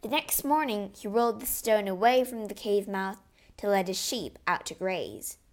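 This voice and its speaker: A woman narrating a storybook adventure in the first person, measured and expressive. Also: mid-range voice.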